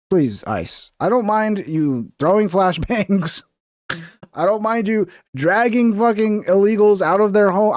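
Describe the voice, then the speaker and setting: A man's voice: high voice, darkish tone, no room sound, studio quality. A man streaming reaction commentary on video clips, blunt and profane, lecturing with a laugh.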